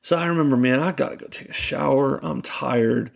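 A young man, a youth pastor, telling animated stories in casual chat with lots of fillers. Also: medium pitch, a little fast, vocal fry. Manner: animated, laughing storyteller with many fillers. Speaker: youth pastor, podcast guest.

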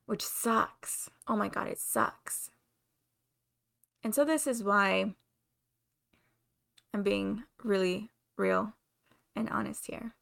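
Woman, Spanish accent, heavy vocal fry, candid confessional podcast talk, mid-range pitch. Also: slow pace, pauses often, fairly bright tone. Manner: open, confessional, searching for words. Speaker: podcast host. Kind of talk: candid solo podcast monologue.

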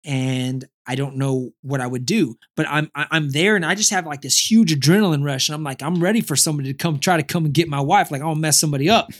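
A young man, a father, telling a personal story in casual chat, full of restarts and repeated words, getting animated as he goes. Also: fairly high pitch, fast, hardly any pauses.

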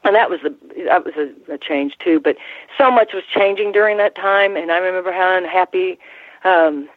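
A woman's voice: fairly low pitch, no echo. An older woman recounts her years around the ring, stopping and restarting her sentences as she goes. Her voice comes through a narrow, tinny phone line. The sound is dry, with no room around it. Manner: halting, many restarts and fillers. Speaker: former ring announcer, guest. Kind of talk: casual interview storytelling.

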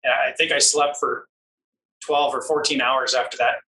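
A man telling a long personal story in a casual interview, animated and laughing often. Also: medium pitch, moderate pace, echoey room, far from the mic, rough recording. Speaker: interview guest, off-road racer.

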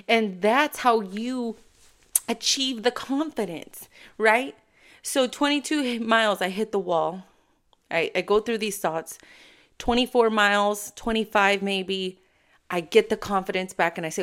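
A woman's voice: on the high side, unhurried. Woman vlogger hyping you up, punchy and emphatic, acts out her own head voice, sure of herself. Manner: animated, emphatic, acts out her inner thoughts; self-assured. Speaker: motivational vlogger. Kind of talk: casual motivational talk.

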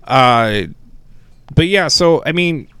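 A man co-hosting a podcast, rambling in casual, animated chat and swearing freely. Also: fairly high pitch, takes it slowly, smooth, no echo. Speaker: podcast co-host.

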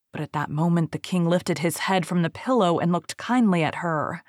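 Low-voiced woman reading a story. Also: moderate pace, hardly any pauses, no room sound, studio quality. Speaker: reader. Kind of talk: storybook narration.

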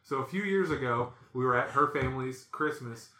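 A man, hosting a casual podcast and telling stories, acting out quotes with animated voices. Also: medium pitch, brisk, reverberant. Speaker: podcast host. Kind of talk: casual storytelling chat.

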